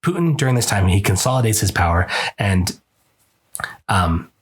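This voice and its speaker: A man's voice: lowish voice, big pitch swings, normal speed, breathy edge. A man hosting a podcast, casually retelling a book in a rambling, chatty way with many fillers. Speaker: podcast host reviewing a book.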